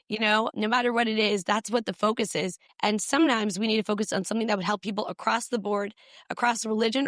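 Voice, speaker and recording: A woman physician, a guest on a podcast, explaining health advice in brisk, numbered points. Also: medium pitch, fairly bright tone, no room sound, studio quality. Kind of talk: podcast interview.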